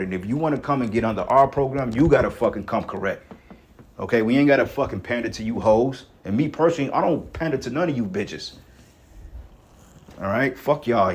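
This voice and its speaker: A man preaching in a blunt, rough-talking, profane rant. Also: mid-range voice. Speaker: online preacher.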